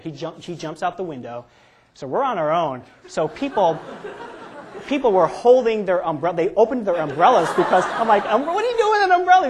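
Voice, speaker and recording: A man's voice: a little high, husky. A man preaching to his congregation, telling a story from his own life with lots of restarts and repeated words. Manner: storytelling, animated, frequent restarts. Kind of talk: sermon with personal testimony.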